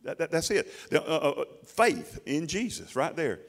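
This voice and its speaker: A man preaching a sermon to a congregation in a folksy, animated way, often mimicking voices. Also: fairly high pitch, unhurried, in a large hall. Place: church hall before a congregation.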